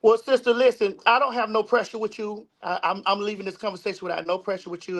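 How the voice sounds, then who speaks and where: A woman's voice: mid-range voice, steady tone, quick pace, hardly any pauses. A woman guest in a heated debate, making her points with emphasis and repeating them.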